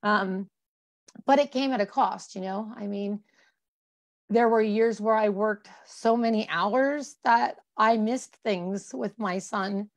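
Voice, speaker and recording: A woman's voice: medium pitch, slow. Woman in her 40s talking about her life, lots of ums and restarts, thoughtful. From Colorado, USA. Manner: reflective, many fillers and restarts. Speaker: interview guest. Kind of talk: candid personal conversation.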